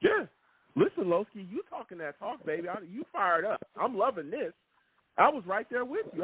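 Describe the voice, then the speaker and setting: A man runs a casual call-in sports show, animated and full of slang as he hypes each caller. His voice sits a bit high and leaps around in pitch. It comes through a thin, phone-like line with faint background noise. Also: moderate pace. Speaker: podcast host taking calls.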